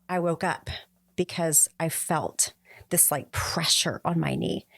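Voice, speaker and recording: A middle-aged woman, a podcast guest, telling a personal story in a heartfelt way and lifting her voice when she quotes others. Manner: heartfelt, acts out quoted voices with a lifted pitch.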